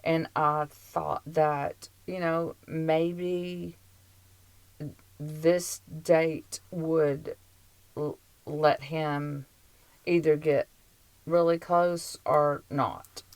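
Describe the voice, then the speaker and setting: Woman, podcast co-host, blunt, dry humor, very low pitch, slow pace. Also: fairly even intonation, darkish tone, smooth, no room sound, poor audio. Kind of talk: casual recap chat.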